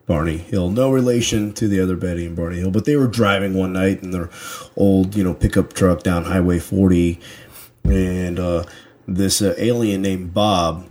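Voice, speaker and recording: A man's voice: low voice, fairly even intonation, normal speed, darkish tone. A man with a son, co-hosting a podcast and telling a rambling, profane comic story in casual chat. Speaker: podcast co-host.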